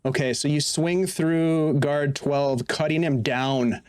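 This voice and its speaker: A man narrating a tabletop game as game master in a casual, halting way, often restarting his sentences. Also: a little high, fairly even intonation, darkish tone, clean tone, dry recording, studio quality.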